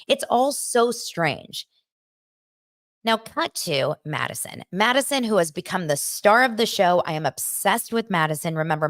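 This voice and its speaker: A woman in her thirties hosts a chatty gossip podcast, recapping reality shows in an animated, conversational way. Her voice sits on the lower side and springs higher when she acts out what others said. The sound is dry and close, with no room around it. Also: no room sound. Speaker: podcast host.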